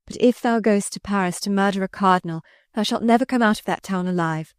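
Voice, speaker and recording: A woman's voice: mid-range voice, fast, smooth, no room sound, studio quality, natural voice. A woman reading the part of a proud young woman who speaks derisively and imperiously in archaic speech. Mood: scornful. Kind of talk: audiobook character reading.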